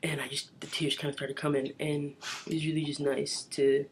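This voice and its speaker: A man's voice: fairly high pitch, level tone, normal speed, a little hiss or hum. A young man chatting casually to the camera in his bedroom, rambling with lots of filler words and casual swearing. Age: young adult. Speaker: vlogger.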